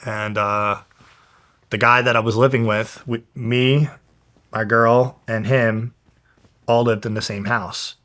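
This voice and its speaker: A man's voice: medium pitch, fairly even intonation, slow pace, pauses often, a bit bright. A young man from New Jersey, a professional fighter, telling a story to an interviewer in a blunt, casual way, with constant swearing. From New Jersey, USA.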